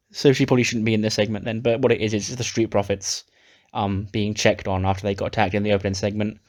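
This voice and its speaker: Guy casually recapping his wrestling sim run, lowish voice. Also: little pitch movement, fairly quick. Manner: recaps storylines casually with swearing. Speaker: game player narrating. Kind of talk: narrating a wrestling sim playthrough.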